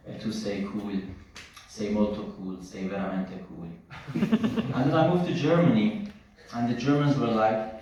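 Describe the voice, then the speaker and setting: An Italian-born man with an American-sounding accent doing a stand-up set on a club stage, deadpan and full of halting restarts. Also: lowish voice, very echoey, far from the mic, a little hiss or hum. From Italy. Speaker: stand-up comedian. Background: audience laughter.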